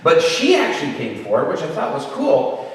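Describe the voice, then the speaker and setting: A man's voice: on the high side, moderate pace. A middle-aged man telling a humorous story as a guest speaker, acting out the voices of the people in it. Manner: animated storytelling, acts out voices. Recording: echoey hall from far off.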